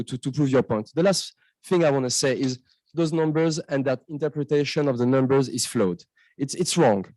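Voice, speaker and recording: A man's voice: on the high side, a little mellow, no room sound. Impassioned man with a sounding tongue. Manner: impassioned, halting, apologetic. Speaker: public speaker at council meeting. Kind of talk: emotional public deputation. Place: council chamber.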